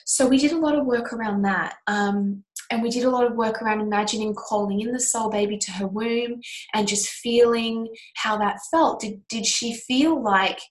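A woman healing coach teaching an online course, talking through a client's story in a soft, earnest way with many pauses and restarts. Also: on the high side, rough recording. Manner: soft, earnest, rambling with frequent fillers and restarts.

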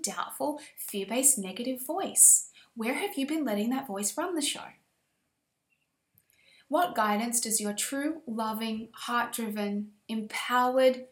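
A woman's voice: fairly high pitch, echoey room. A woman coach giving a motivational course lesson in a passionate, emphatic, affirming way. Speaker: women's empowerment coach.

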